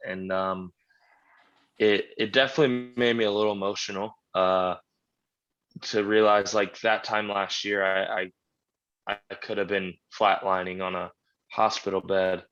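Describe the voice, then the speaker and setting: A man's voice: on the low side, flat delivery, unhurried, a bit bright, dull audio. A man talking as a podcast guest in casual chat, blunt and laid-back, swearing freely as he tells his story. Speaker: podcast guest, strongman champion.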